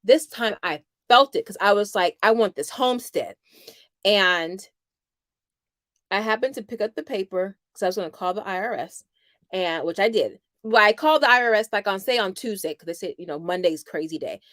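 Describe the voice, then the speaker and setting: A middle-aged woman hosting a homeschool channel, chatting casually with viewers and telling animated stories with playful quoted voices. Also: medium pitch, a little fast, no echo, studio quality. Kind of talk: casual livestream chat with viewers.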